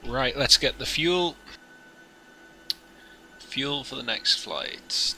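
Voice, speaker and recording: A man's voice: mid-range voice, lively intonation, extremely slow, sharp tone, slight background noise. A young man chatting and joking with viewers while flying a simulator on a live stream. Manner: jokey, chatty, talks to viewers while working. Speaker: flight sim streamer. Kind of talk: casual live-stream chat.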